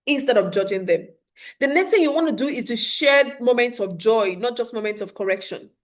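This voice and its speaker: A young adult woman leads a live webinar for parents. She speaks in an earnest coaching manner, with a fairly high voice, and often laughs between points. She slips into calm, soothing tones when she acts out what to say to a child. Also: fairly quick.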